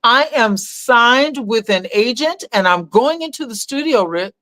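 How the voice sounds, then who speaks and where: A woman's voice: a little high, measured pace, no echo. An older woman telling a family story in a casual conversation with her son, acting out the people she quotes. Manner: animated storyteller, acts out quoted voices. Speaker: guest, mother of the host.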